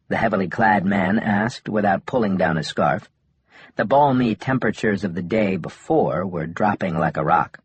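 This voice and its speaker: A man narrating an audiobook in measured, even storytelling. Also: deep voice, breathy edge, dry recording. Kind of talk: scripted narration.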